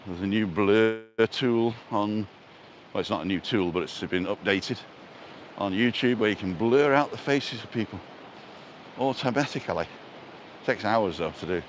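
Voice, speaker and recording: A man's voice: on the low side, moderate pace, slight background noise. A man hosting a casual walking live stream, talking into a handheld phone outdoors with a chatty, self-mocking, punning way of speaking. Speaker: vlogger and live-stream host. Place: outdoors, walking along a street in a seaside resort. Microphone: handheld phone camera.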